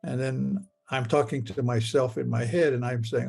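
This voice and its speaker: Gravelly guy recounting his own story, stammers and repeats himself a lot. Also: mid-range voice, steady tone, a little mellow, faint music behind. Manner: halting, stammering, repeats words. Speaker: near-death experience witness. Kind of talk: first-person retelling in the present tense.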